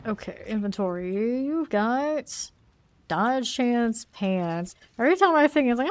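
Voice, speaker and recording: Speaking a little slowly in a fairly high, animated voice, a woman chats casually while streaming a video game. She reads the chat out loud to viewers and laughs a lot.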